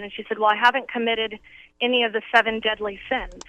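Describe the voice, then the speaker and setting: A woman's voice: on the high side, level tone, fast talker. A woman calling in from outside, talking in a rambling way with many fillers. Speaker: caller. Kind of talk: phone report from outside. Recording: muffled phone line.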